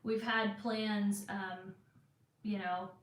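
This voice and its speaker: A woman's voice: mid-range voice, level tone, extremely slow. Chatty Californian woman, echoey room. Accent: Southern Californian. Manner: chatty, rambling, many fillers. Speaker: vlogger answering live chat. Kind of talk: casual live-stream chat.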